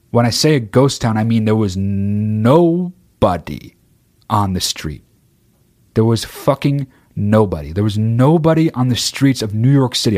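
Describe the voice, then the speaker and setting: Low-voiced man hosting a podcast, blunt and profane, rambling chat. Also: a little mellow. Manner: swears constantly, rambling and blunt. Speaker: podcast host. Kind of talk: casual chat answering listener questions.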